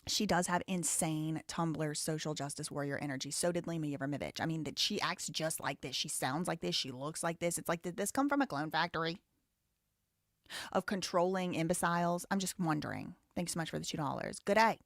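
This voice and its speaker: A woman's voice: fairly quick, no room sound, studio quality. A woman from the Southern US hosting a live stream, reading super chats and giving blunt, outspoken commentary. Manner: blunt, outspoken, rising loud and high when heated. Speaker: livestream host.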